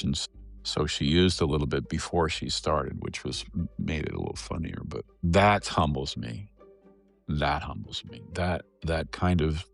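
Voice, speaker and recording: A middle-aged man with a low voice recounts a story in an earnest, emotional way. He is a psychotherapist talking as a podcast guest, and faint music plays softly behind him.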